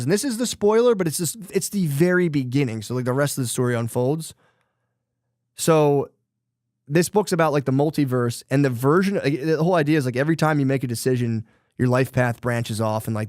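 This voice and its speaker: Male podcast host, mid-pitched, loose and rambling, salty language, dry close mic. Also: a little mellow, no room sound. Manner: loose, rambling retelling of a book plot, with profanity. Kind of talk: casual chat.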